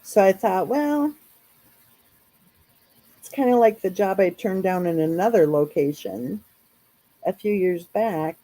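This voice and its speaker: A woman's voice: lowish voice, moderate pace, dark tone, low-quality recording. A woman hosting a casual live chat, talking in a chatty, rambling way with lots of fillers. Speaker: true crime channel host.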